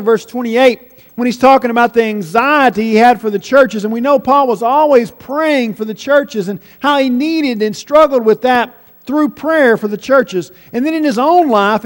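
A man delivers a sermon in a strikingly high voice, moving from quiet, slowed phrases to raised, pleading lines. His voice rings out with a long reverb, as if he is recorded in a large church hall. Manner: dynamic preaching, swinging from hushed to pleading. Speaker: preacher.

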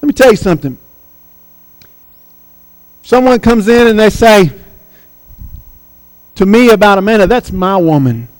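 High-voiced preacher, emphatic. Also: male voice, dry recording, long reverb tail, poor audio. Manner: preaching with slow emphatic phrases and dramatic quoted voices. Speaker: pastor. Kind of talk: sermon.

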